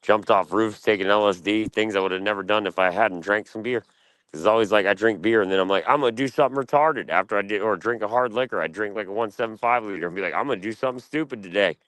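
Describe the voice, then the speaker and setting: A man's voice: lowish voice, fairly even intonation, fast, fairly bright tone, clean tone, no echo. A man from Delaware ranting casually and profanely on a podcast panel. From Delaware, USA.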